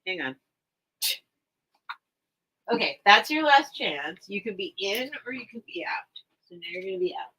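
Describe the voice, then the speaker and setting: A woman's voice: medium pitch, very animated, moderate pace, pauses often, bright, forceful tone, breathy edge. A woman hosting a live online vintage sale from home, rambling and chatting straight to her viewers. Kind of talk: casual live-stream chat.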